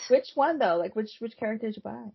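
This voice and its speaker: A woman co-hosting a podcast, chatting casually with supportive, teasing quick remarks. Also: a little high, animated, creaky, slightly rough, muffled recording. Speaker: podcast co-host. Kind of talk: casual chat.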